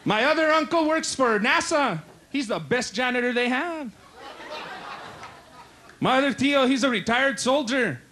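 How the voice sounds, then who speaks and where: Stand-up comic, man, very high bright voice, live room with faint noise behind. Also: animated, a faint crowd. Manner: punchy storytelling, acting out relatives and cops in quick voices. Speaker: stand-up comedian. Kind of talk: stand-up comedy set. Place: live comedy stage.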